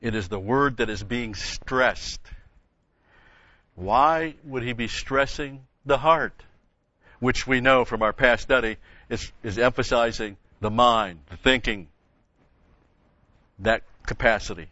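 A man's voice: mid-range voice, takes it slowly, long pauses, pushed and bright, no room sound. An older man teaching a Bible lesson in a sermon, stressing key words and repeating phrases for emphasis. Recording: dull lo-fi sound.

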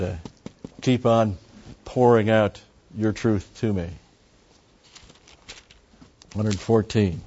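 An older man leading an informal Bible study in a rambling, folksy way, slowing down and raising his voice to read verses aloud. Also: fairly low pitch, warm tone, highs cut off. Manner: rambling, folksy, with many digressions and "uh" fillers.

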